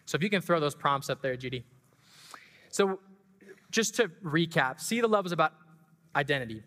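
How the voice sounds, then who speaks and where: A man preaching a sermon, telling a story with emotion and rising excitement, then leading communion and prayer. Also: medium pitch. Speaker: pastor and school track coach. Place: church sanctuary. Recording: long hall reverb.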